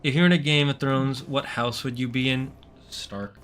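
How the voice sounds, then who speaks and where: A man's voice: mid-range voice, fairly even intonation, moderate pace, fairly bright tone, a little hiss or hum. A man hosting a co-op game stream, chatting casually and giving game tips. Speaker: streamer host. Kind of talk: casual co-op gaming chat.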